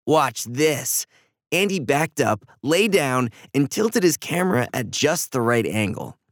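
A man narrating a children's story in a middle-pitched, gravelly voice that moves freely up and down. The sound is dry and close, with no room around it. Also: sing-song, a little slow, dry recording.

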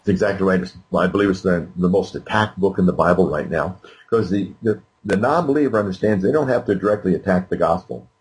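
A man's voice: low voice, fast talker, rough recording. An older man, a guest speaker, answering interview questions in an earnest, emphatic way. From United States.

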